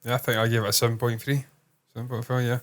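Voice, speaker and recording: A man's voice: mid-range voice, little pitch movement, racing. A man co-hosting a casual movie review chat, swearing freely and teasing his partner in a joking way. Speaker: co-host of a movie review channel.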